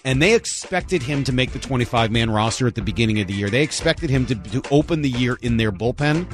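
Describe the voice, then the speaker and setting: A man's voice: mid-range voice, lively intonation, quick pace, soft background music. A man co-hosting a sports radio show, chatting casually and self-deprecatingly about baseball news.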